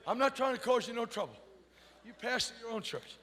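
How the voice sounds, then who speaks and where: A man preaching a fiery revival sermon, shouting and whooping in a folksy, rousing way. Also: extremely high pitch, animated, a little fast. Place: church sanctuary.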